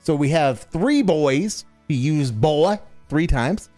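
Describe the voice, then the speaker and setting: A man's voice: on the high side, lively intonation, slow pace, warm tone, dry recording, faint music behind. A man hosting a game stream, commenting sarcastically and mockingly with lots of swearing and restarts.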